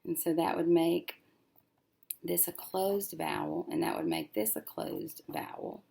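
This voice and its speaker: A woman teacher working through a syllable-division lesson, thinking aloud and slowly sounding out each syllable as she writes. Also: fairly low pitch, sing-song, gravelly, mellow, slightly rough. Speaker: reading teacher.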